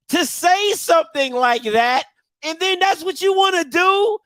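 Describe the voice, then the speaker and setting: High-pitched guy hosting a football show, excitable and slangy, dead dry close mic. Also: measured pace, no echo. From Maryland. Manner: animated, excitable, slangy, loud bursts of outrage. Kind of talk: casual storytelling monologue.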